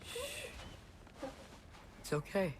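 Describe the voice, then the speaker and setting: An actor playing an earnest, determined teenage boy in a video game cutscene, speaking softly and tenderly at times. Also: high-pitched, drawn-out words, full character voice. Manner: soft and tender with animals. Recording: game audio with steady ambient noise.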